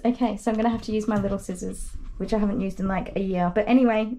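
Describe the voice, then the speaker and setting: A woman's voice: medium pitch, steady tone, fast talker. A woman dog groomer chatting on a live stream from her grooming salon, cooing over a tiny dog and sometimes dropping to a whisper.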